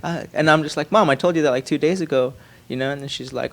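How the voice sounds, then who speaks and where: Earnest soft-spoken young man. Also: on the high side, quick pace, gravelly. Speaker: church member. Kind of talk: casual personal storytelling.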